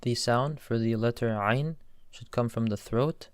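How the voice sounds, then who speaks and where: Slow, careful male recitation teacher. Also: mid-range voice, no room sound. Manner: slow, careful, demonstrates Arabic sounds. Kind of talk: recorded lesson.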